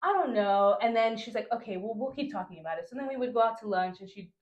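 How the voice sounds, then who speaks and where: A woman from Honduras, a podcast guest, telling a travel story in casual chat, animated, with frequent laughs, fillers and restarts. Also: fairly high pitch, racing, roomy sound, muffled recording.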